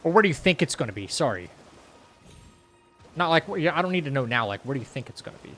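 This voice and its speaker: A man's voice: a little high, big pitch swings, quick pace, fairly bright tone, slight background noise. A man streaming a game live, chatting casually with his viewers and reading their messages aloud in a loose, rambling way full of fillers and restarts. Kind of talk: casual live-stream chat while playing.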